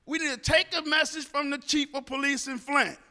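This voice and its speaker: High-voiced man telling a story in a hall. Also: brisk. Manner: animated storyteller who acts out dialogue. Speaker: speaker addressing a group. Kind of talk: personal storytelling commentary.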